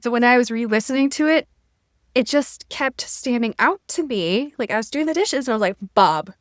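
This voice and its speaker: Lively woman co-host with a higher voice. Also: fairly quick, dry recording, clean studio sound. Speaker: podcast co-host. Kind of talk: casual book discussion.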